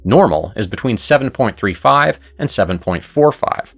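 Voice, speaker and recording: Earnest low-voiced male narrator. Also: lively intonation, normal speed, fairly bright tone, faint music behind. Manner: earnest, persuasive storytelling. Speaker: host and narrator. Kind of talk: scripted narration.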